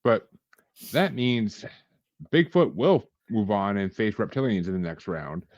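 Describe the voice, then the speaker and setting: A man's voice: on the low side, big pitch swings, measured pace, no room sound, highs cut off. A man hosting a casual podcast, laughing often and restarting his sentences. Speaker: podcast host.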